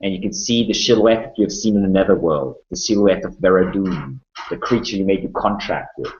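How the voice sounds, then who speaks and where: A man narrating a tabletop game as game master, calm and descriptive with some fillers, on a muffled lo-fi recording. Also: sits low.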